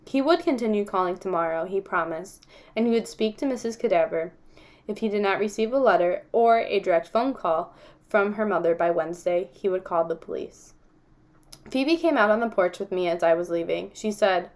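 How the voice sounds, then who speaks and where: A woman reading chapters of a novel aloud in a calm, even storytelling voice. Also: mid-range voice, moderate pace. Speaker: audiobook reader.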